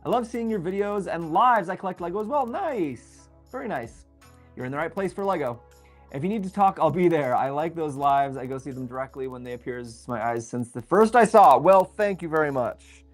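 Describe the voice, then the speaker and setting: A young man hosting a casual livestream. He thinks aloud while building and reads viewer messages aloud in a relaxed, chatty way. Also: on the high side, a little fast, soft background music. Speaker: livestream host building a LEGO set.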